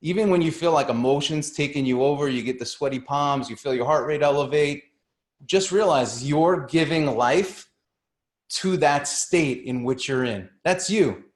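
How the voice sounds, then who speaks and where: A man's voice: a little high, moderate pace, reverberant. A man, a guest coach, telling a story on a call in an earnest way, often repeating words as he starts a thought.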